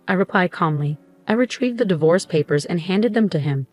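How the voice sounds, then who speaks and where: A woman narrating a first-person story in an even, composed way. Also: fairly low pitch, a little fast, faint music behind.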